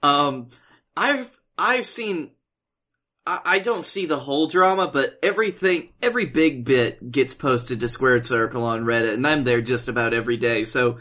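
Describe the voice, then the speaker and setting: A man's voice: mid-range voice, normal speed, bright, forceful tone. A man co-hosting a podcast in casual chat, rambling with restarts and swearing freely.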